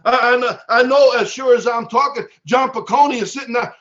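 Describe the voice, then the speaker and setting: High-voiced fervent man on a video call. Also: brisk, hardly any pauses, highs cut off. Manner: fervent preacher-like, builds to shouting. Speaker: business leader speaking to team. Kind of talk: motivational pep talk.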